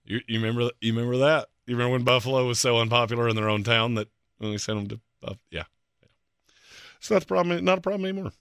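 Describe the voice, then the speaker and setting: A man's voice: mid-range voice, fast talker, a bit bright, smooth, dry recording, studio quality. A man co-hosting a sports talk show, joking and emphatic, with sarcastic asides. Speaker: sports radio co-host.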